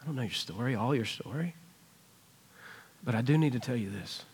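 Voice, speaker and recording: Earnest pastor telling a story. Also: male voice, mid-range voice, a little fast, breathy edge. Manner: conversational, earnest, animated retelling. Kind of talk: sermon with storytelling. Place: church sanctuary.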